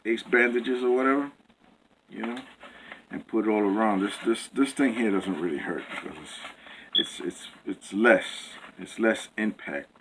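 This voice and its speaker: A man with a fairly low voice rambles through a casual home cooking video, piling up "you know" and restarting his sentences. He sounds amused at his own jokes. A faint hiss and clicks sit under the camera-mic recording. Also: moderate pace. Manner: rambling, many fillers and restarts; jokey, self-amused.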